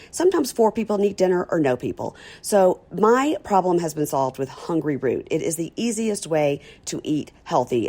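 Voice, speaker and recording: A woman's voice: low voice, a little mellow. A middle-aged woman, hosting a podcast in a chatty, folksy way and reading ads. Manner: chatty, folksy, laughs easily. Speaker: podcast host. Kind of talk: casual chat and host-read ads.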